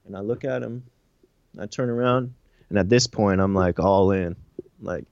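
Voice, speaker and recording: A man's voice: lowish voice, moderate pace, no room sound, muffled recording. A man telling a raw personal story. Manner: animated, profane, filler-heavy storytelling. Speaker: interview guest.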